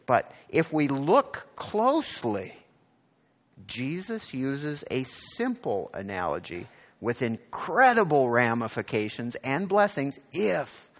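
A man preaching a sermon in a conversational way, often asking his listeners questions and reading passages aloud slowly with emphasis. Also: medium pitch. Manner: conversational, asks the congregation questions, frequent "right?". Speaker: pastor.

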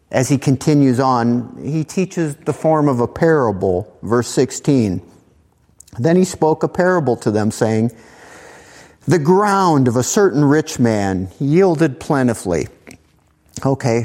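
A man preaching a sermon as pastor, animated, climbing to emphatic highs on key points and acting out quoted voices. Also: long reverb tail. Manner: acts out quoted voices in his teaching.

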